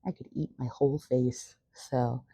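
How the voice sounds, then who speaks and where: A woman's voice: a bass voice, steady tone, a little slow, gravelly, warm tone, slightly rough, no room sound. A young woman chatting casually in a vlog, rambling and swearing freely. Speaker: vlogger. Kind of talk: casual chat.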